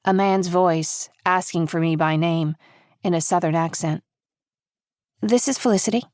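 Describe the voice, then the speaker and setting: A woman giving measured, reflective first-person audiobook narration. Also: lowish voice, little pitch movement, no room sound, studio quality. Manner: measured, reflective, quietly intimate.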